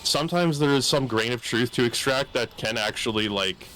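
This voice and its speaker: A man's voice: mid-range voice, moderate pace, bright, forceful tone. A man guesting on a gaming podcast, talking in a thoughtful, reflective way with many hedging fillers. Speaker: podcast guest who makes videos. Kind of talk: casual chat.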